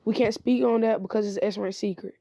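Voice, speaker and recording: A woman's voice: mid-range voice, fairly even intonation, fairly quick, gravelly, dark tone, dry recording. A woman voicing a brash teenage boy ninja who blurts out secrets casually, on a dull lo-fi recording. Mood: boastful.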